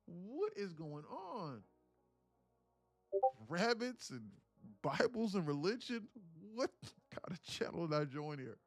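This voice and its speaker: A man live-streaming his day trading, telling a story in an animated, profane, rambling way with frequent restarts. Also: sits high, slow pace, no room sound, faint music behind.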